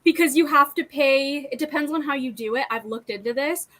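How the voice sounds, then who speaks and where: Woman cohost, kinda high voice, rambly casual talk with lots of likes. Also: fairly quick, a bit bright, rough recording. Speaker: livestream co-host, author. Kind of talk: casual chat.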